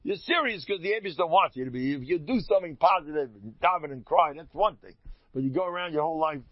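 A man telling stories in an animated, rambling way, chuckling and restarting his sentences often. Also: on the high side, fast, no room sound. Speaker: Hasidic storyteller giving a talk. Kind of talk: informal storytelling talk. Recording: dull lo-fi dry recording.

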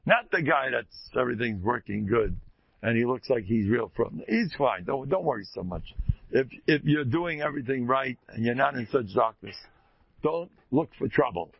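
Gravelly husky man preaching emphatically. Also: medium pitch, animated, moderate pace, dry recording. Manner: emphatic, repetitive storytelling. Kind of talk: sermon. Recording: dull lo-fi recording.

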